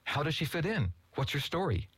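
A man's voice: fairly high pitch, sing-song, a little fast, a bit bright, breathy edge, no echo, pitched above the performer's own voice, full character voice. A man doing a jovial good-natured dad. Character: cheerful, affectionate middle-aged stepfather.

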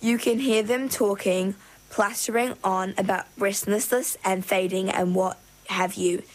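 A woman's voice: mid-range voice, fairly even intonation, measured pace, close to an everyday voice, low-quality recording. A woman voicing a plump adult merwoman customer who speaks plainly and matter-of-factly, read from a storybook. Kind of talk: storybook reading.

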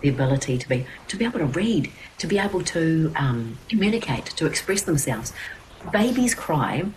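A woman's voice: sits low, big pitch swings, normal speed, darkish tone, a little hiss or hum, poor audio. A middle-aged woman, an interview guest speaking earnestly, with many fillers and restarts. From New Zealand. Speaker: guest, children's TV presenter and producer. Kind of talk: interview conversation.

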